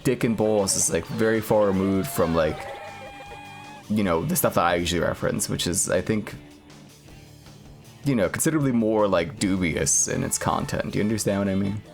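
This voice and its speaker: A man streaming a game and chatting casually, rambling with lots of filler words and deadpan jokes. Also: sits low, moderate pace, gravelly, faint music behind. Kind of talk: casual gaming stream chat.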